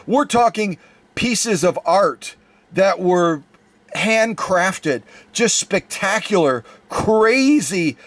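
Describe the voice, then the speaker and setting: A man's voice: high-pitched, dry recording. A man who restores vintage sewing machines, hosting his channel and making an effusive, repetitive fundraiser appeal to his viewers, whom he calls folks. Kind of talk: enthusiastic direct-to-camera fundraiser appeal.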